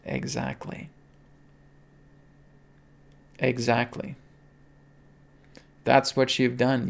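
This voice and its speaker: Male spiritual host with a gravelly voice, earnest and pleading on a livestream. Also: mid-range voice, level tone, normal speed. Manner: earnest, pleading, keeps checking in with "okay?".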